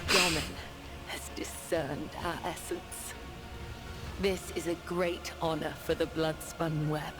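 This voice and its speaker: A woman voicing the solemn leader of a devout assassin cult in a video game, speaking in slow, grave ritual pronouncements. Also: low voice, level tone, poor audio. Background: game music.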